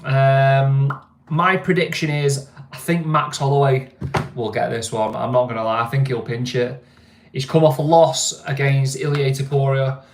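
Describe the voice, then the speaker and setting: A man's voice: medium pitch, steady tone, measured pace. A man hosting a casual sports chat, rambling with fillers and repeated words. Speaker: podcast host. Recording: echoey room, faint noise.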